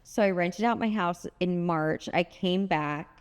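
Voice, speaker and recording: A woman chatting as a podcast guest, telling a story with lots of fillers and acting out quoted lines in a brighter voice. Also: unhurried, clear, resonant tone, big-room sound. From United States (Bay Area). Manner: chatty, filler-heavy, acts out quoted dialogue in a higher voice. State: had lost her voice at the time told, not now. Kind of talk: candid storytelling chat.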